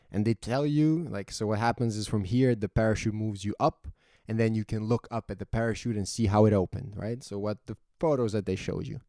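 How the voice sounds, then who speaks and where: A man hosting his own podcast, telling a personal story in a casual, animated way with lots of swearing and acted-out inner dialogue. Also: on the low side, no echo, studio quality. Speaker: podcast host.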